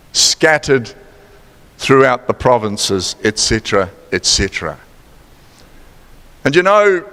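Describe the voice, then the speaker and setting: A man with a mid-range, fairly bright voice and a New Zealand accent delivers a playful, conversational sermon in a church sanctuary. He quizzes the congregation and throws in teasing asides, and the hall gives a long reverb.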